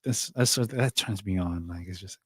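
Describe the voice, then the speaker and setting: A man's voice: low-pitched, moderate pace, a bit bright, husky, dry recording. A man who works as a DJ, co-hosting a casual stream in a laid-back, playful way. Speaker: DJ and co-host. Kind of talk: casual chat.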